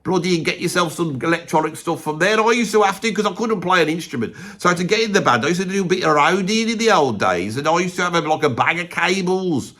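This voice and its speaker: A man's voice: sits high, lively intonation, fast, few pauses, sharp tone, exaggerated voice. A man playing a rambling, gossipy middle-aged Birmingham bloke and ex-roadie, with a Birmingham accent, swearing mildly and wandering off topic. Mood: rambling grumbling. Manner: rambling, peppered with "bloody", chummy asides. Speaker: comedy character ranking bands. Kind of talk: rambling comic monologue to camera.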